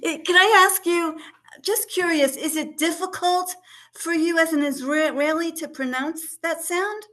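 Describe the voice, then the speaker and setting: A woman's voice: extremely high pitch, a little slow, a bit bright. A woman student asking questions in a language class, chatty and curious. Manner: chatty, curious, laughs easily.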